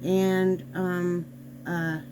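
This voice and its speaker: A chatty man with a fairly high voice rambles on, talking right to his viewers. He sits on a bed in a home bedroom and is picked up by a camera on a desk. A faint hum runs behind him. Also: flat delivery, very slow, darkish tone, low-quality recording. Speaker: vlog host. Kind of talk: casual chat.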